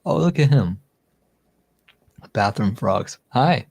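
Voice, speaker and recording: A man's voice: on the low side, measured pace, darkish tone. A man hosting a livestream in casual chat, tipsy, rambling and joking, laughing often. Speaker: livestream host.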